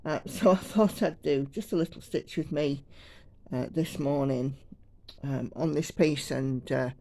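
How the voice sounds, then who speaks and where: A woman's voice: low voice, unhurried, warm tone, no echo. A woman from the United Kingdom chatting casually and rambling while she stitches at home. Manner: chatty, rambling, self-deprecating. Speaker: cross-stitch vlogger.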